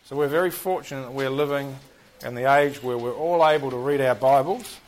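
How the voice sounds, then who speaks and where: This man speaks briskly in a mid-range voice with a New Zealand accent as he teaches a Bible class. He's chatty, questions the group, and jokes at his own expense. The recording is rough.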